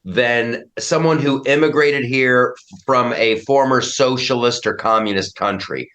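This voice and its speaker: A middle-aged American man chats as a podcast guest at a medium pitch. He is forceful and opinionated, and he circles back and repeats himself as he builds an argument. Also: steady tone, measured pace. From United States. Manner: emphatic, opinionated, frequent restarts. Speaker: comedian and commentator guest. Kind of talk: casual podcast chat.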